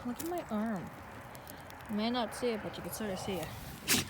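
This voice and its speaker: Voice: mid-range voice, animated, moderate pace. A vlogger chatting casually to their dog outdoors, playful and laughing, with some casual swearing, recorded on a handheld phone. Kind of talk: casual vlog, talking to a dog. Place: outdoors in a yard by a fire. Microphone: phone held in hand. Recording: outdoor phone recording with clear background noise. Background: dog moving about, outdoor ambience.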